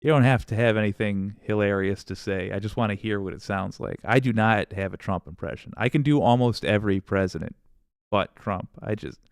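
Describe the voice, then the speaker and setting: Male livestream host, low and gravelly, sarcastic and loose, swears and laughs while reading chat. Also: brisk, dry recording, studio quality. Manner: rambling, sarcastic, swears freely, laughs often. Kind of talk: casual livestream chat reading viewer comments.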